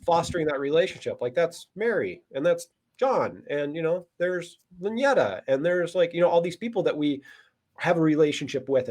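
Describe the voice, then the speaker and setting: A man being interviewed as a guest, relaxed and candid, talking with lots of fillers. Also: a little high. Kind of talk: casual podcast interview.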